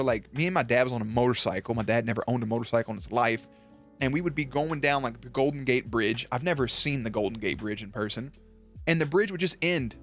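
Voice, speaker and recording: A man chatting casually on a live stream, animated and profane, with sudden jumps up in pitch.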